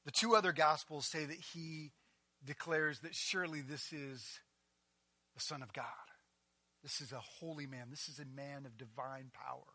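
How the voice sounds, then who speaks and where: A man preaching a sermon as a pastor, delivering it with passion and building up to near-shouting on emphatic passages. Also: on the high side, fairly even intonation, moderate pace, no echo.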